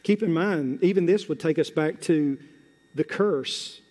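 Impassioned preacher in a reverberant hall. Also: male voice, a little high. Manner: building from slow and hushed to loud, rising exhortation; emphatic, drawn-out words and repetition. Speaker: pastor. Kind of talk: sermon.

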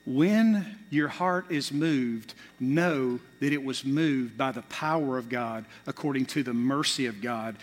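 A male pastor preaching a sermon, swinging between loud, urgent bursts and quiet, hushed asides. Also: medium pitch, unhurried, hardly any pauses. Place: church sanctuary. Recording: long reverb of a large hall.

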